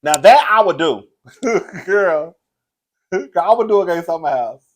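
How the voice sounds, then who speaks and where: A man's voice: high-pitched, animated, slow pace. A man hosting a casual live stream, chatty and campy, laughing often, grieving a loss. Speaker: commentary channel host.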